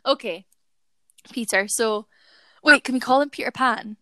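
A woman's voice: a little high, a little slow, sharp tone, no echo. A young woman co-hosting a podcast, telling a personal story in casual chat and talking to her listeners. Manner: chatty storytelling, giggly, addresses listeners. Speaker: podcast co-host.

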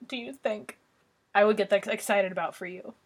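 A woman's voice: mid-range voice, normal speed, slightly rough. A woman co-hosting a podcast in casual chat, teasing and giggling often. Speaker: podcast co-host.

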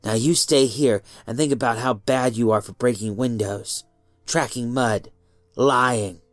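A man's voice: a little slow, no echo, soft background music, lightly acted. Man doing a hissing, cold stepmother. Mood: angry whisper. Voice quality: shrill under the whisper. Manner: hissing angry whisper. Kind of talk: storybook reading.

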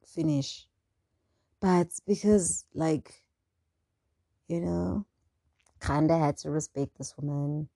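Dark-voiced South African woman host. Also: low voice, slow pace, gravelly, long pauses, no echo. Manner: animated and indignant, mixing English with local words. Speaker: podcast host. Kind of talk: casual monologue.

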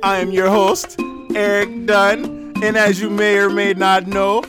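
A man's voice: high-pitched, completely flat delivery, measured pace, over music, voice pushed up. A podcast host putting on a laid-back Jamaican accent, drawing out words in a sing-song way and ending lines with "man". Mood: hyped. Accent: put-on Jamaican.

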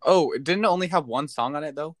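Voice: medium pitch, brisk, crowd noise. A young co-host chatting casually on a podcast, laughing often and getting flustered. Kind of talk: casual chat.

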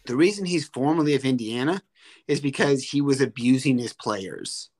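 A man's voice: medium pitch, lively intonation, moderate pace, darkish tone. A young man co-hosting a casual sports podcast, ranting heatedly and swearing freely. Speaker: podcast co-host.

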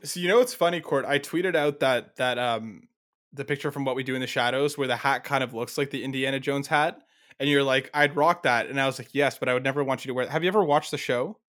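A man's voice: mid-range voice, a bit bright. A man co-hosting a podcast who chats casually, teases his guest and laughs easily. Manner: teasing, quick to laugh, friendly ribbing. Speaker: podcast co-host. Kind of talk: casual chat.

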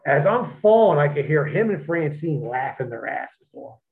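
A man, a wrestler, telling profane, animated stories as an interview guest over a phone line. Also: on the high side, moderate pace. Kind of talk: storytelling in an interview.

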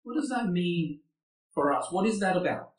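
A man's voice: high-pitched, expressive, moderate pace. A man preaching a sermon, earnest and asking his listeners rhetorical questions. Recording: echoey room, far from the mic.

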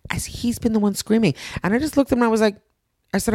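Woman ranting a story, lots of quoted voices, slightly high, dry close mic. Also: fast, no room sound. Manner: animated, acts out quotes with big pitch jumps. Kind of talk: casual storytelling chat.

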